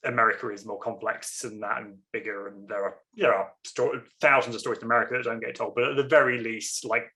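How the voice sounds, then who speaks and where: A man's voice: medium pitch, steady tone, fast, few pauses, pushed and bright. A man with a near-RP English accent, talking as an author guest in a rambling way, often breaking off and apologizing. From England. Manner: rambling, self-interrupting, apologetic asides. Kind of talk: casual conversation.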